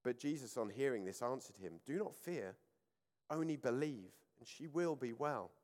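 A man's voice: mid-range voice, moderate pace. Preaching man in a reverberant hall. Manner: reads scripture aloud with rising emphasis, then explains it calmly. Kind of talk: sermon reading and explaining scripture. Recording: church hall with long reverb.

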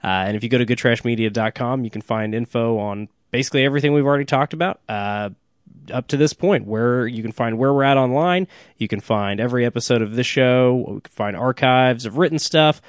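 A man's voice: mid-range voice, a little fast, no echo, studio quality. Rambling man co-hosting a podcast. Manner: rambling, many restarts and filler uhs. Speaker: podcast co-host. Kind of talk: casual movie discussion and show plugs.

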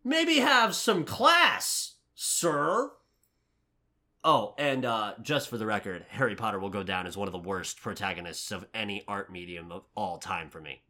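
A man co-hosting a movie review podcast, ranting loudly in casual chat, cursing and putting on mock voices. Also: deep voice, fairly quick, few pauses.

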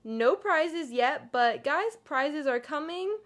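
Bubbly young girl chatting on her podcast, lots of likes, higher voice. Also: lively intonation, takes it slowly. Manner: bubbly, valley-girl fillers. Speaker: podcast host. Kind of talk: casual chat.

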